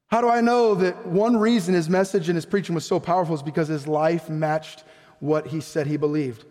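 A man's voice: fairly high pitch, fairly even intonation, a little fast, darkish tone, big-room sound. A man preaching a sermon as pastor, emphatic, often putting questions to the congregation. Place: church sanctuary.

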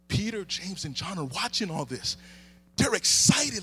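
Middle-aged guy preaching a sermon, high bright voice, loud then hushed, asks for amens. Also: a little fast, husky. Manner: animated, call-and-response, swings between shouting and hushed.

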